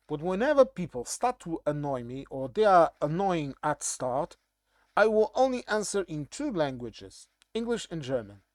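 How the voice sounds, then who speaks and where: A man's voice: a little high, a little mellow, no echo, clean studio sound. A man with a Portuguese accent, native in Portuguese, giving a casual, blunt and irritated monologue commentary.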